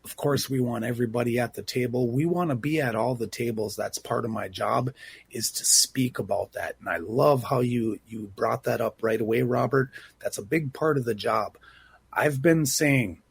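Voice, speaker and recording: A man's voice: medium pitch, moderate pace, creaky, breathy edge, no room sound. A man speaking earnestly as a guest on a talk program. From Bad River, Wisconsin. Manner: earnest, heartfelt. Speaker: guest, civic engagement manager. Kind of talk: radio interview.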